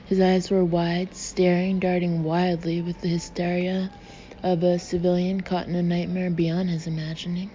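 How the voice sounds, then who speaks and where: A woman narrating an audiobook in an even, measured reading. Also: fairly low pitch. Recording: slightly dull recording with faint hiss.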